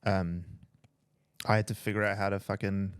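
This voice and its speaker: Laid-back New man, low voice. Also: level tone, normal speed, clear, resonant tone, no echo, studio quality. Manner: laid-back, sarcastic, swears casually. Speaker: podcast host, business owner. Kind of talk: casual chat.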